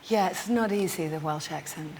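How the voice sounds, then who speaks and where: A woman's voice: on the low side, normal speed, darkish tone, slight background noise. A woman guest who sings, chatting with enthusiasm and laughing. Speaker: singer and guest.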